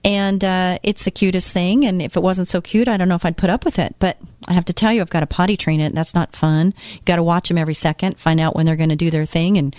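A woman's voice: on the low side, steady tone, fast talker, darkish tone, no echo. A woman in her fifties hosting a faith talk show, asking the listener question after question and chatting about her own life. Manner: asks the listener many questions; chatty, tells personal stories. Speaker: radio show host. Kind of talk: casual faith talk monologue.

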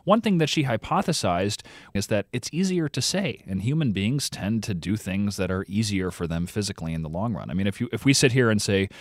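A man's voice: lowish voice, lively intonation, a little fast, hardly any pauses, dry recording, clean studio sound. A man, a podcast reporter, explaining things as a guest in a conversational radio interview, thinking aloud with fillers.

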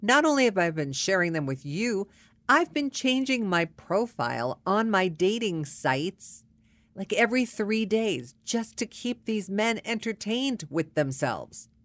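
A woman's voice: mid-range voice, very animated, unhurried, a bit bright, no room sound. A woman telling a personal story in a casual, wry and exasperated way.

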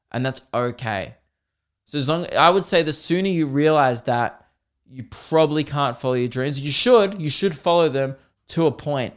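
A man's voice: mid-range voice, smooth. A man hosting a solo comedy podcast, rambling, swearing and self-deprecating. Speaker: podcast host.

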